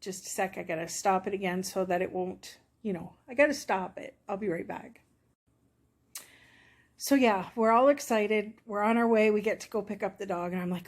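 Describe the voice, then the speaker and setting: A woman's voice: medium pitch, measured pace, a little mellow. A middle-aged woman chatting to her viewers, telling a personal story in a rambling, emotional way and acting out what people said. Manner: chatty, rambling, emotional, acts out quoted dialogue. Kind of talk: casual storytelling to camera.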